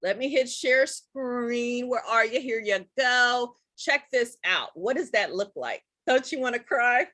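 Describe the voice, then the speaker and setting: A woman hosting a casual live-stream tutorial, chatty and excitable, talking straight to her viewers. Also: a little high, unhurried, hardly any pauses, no echo. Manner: chatty and excitable, addresses viewers as guys and y'all. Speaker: live-stream host teaching Zoom tips.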